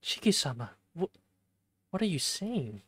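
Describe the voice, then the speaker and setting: A streamer voicing a soft, polite young maid. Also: mid-range voice, very animated, measured pace, husky, no echo, exaggerated voice. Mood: concerned.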